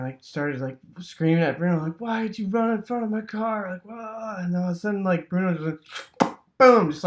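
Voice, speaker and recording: Rambling man telling a childhood story. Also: fairly bright tone. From Wisconsin, USA. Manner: rambling, full of fillers and sound effects like "boom". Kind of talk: casual personal storytelling.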